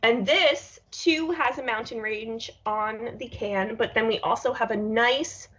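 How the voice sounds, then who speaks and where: A woman's voice: fairly high pitch, unhurried, fairly bright tone. A woman co-hosting a casual beer review over a video call, chatty and wry, with rambling pop-culture asides. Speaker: co-host of a beer review show. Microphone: video call setup. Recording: dull lo-fi video call audio.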